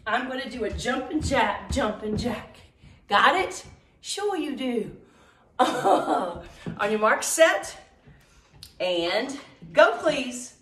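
A woman's voice: on the high side, big pitch swings, slow pace, pauses often, a bit bright. A middle-aged woman leading a live workout class, chatty and upbeat, counting reps and getting out of breath. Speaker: fitness instructor. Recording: echoey room from a distance.

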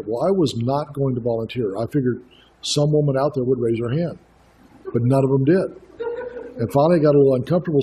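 A man's voice: medium pitch, dark tone, slight background noise. A middle-aged man, a guest speaker, preaching an earnest sermon full of stories and direct questions to the congregation. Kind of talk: sermon with storytelling.

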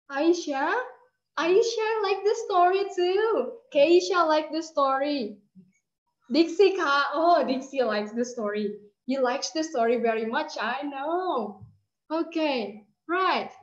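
A woman with an Indonesian accent teaches English to small children, drawing out her words and coaxing the kids to repeat them back. Her voice sits high and moves slowly. The sound is muffled, as if it came through an online class. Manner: animated, drawn-out words, prompts children to repeat. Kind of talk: storytelling lesson for kids.

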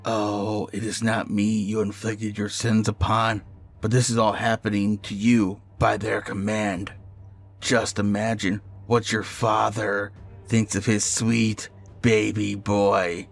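Man doing a sneering captor, slow deliberate taunts, low voice, soft music underneath. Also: level tone, vocal fry, heavily acted. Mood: condescending. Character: slow, mocking male captor, cruel and condescending.

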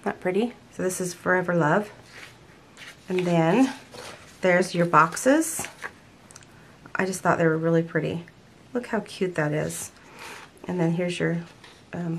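Chatting casually at home, an older woman vlogger shows off a planner haul, gushing and often restarting her sentences. Her voice is lowish, with a little hiss or hum on the recording.

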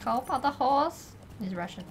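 A woman's voice: high voice, lively intonation, moderate pace, breathy edge. Teasing, laughing female gaming partner. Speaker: co-player, tank. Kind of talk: casual gameplay chat.

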